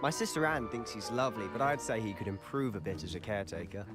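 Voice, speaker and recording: A man's voice: lowish voice, lively intonation, fast talker, natural voice. A man voicing a wry, self-assured boy wizard. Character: confident teenage boy wizard student. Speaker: student companion. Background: game music.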